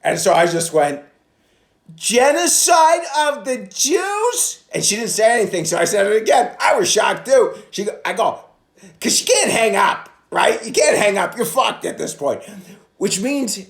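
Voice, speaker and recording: A man's voice: high voice, expressive, normal speed, vocal fry, echoey room. A man, a stand-up comedian, rambling through a profane solo podcast monologue, recorded on a phone propped against a coffee cup. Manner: profane, rambling, jumps into loud impressions.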